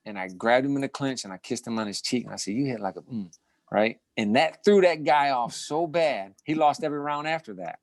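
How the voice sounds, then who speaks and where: A man's voice: medium pitch, a little fast, few pauses, no echo. A middle-aged man, a former boxing champion, telling stories from his career in a casual interview, full of restarts and short laughs. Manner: animated storyteller with many restarts and repeated words.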